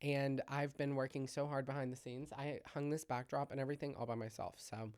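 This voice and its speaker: A man's voice: fairly quick, clean tone, no echo, clean studio sound. A young man from Louisiana with a Southern twang, hosting a comedy podcast in a gossipy, self-deprecating chat. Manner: chatty, gossipy, self-deprecating, lively swings in pitch and loudness. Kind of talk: casual solo podcast chat. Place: home-made podcast set with hung backdrop.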